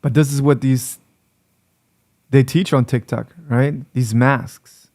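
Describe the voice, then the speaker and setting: A man's voice: medium pitch, fairly even intonation, takes it slowly, a little mellow. A man giving blunt advice on relationships straight to camera as a coach, lecturing and repeating his points for emphasis. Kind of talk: direct-to-camera advice talk.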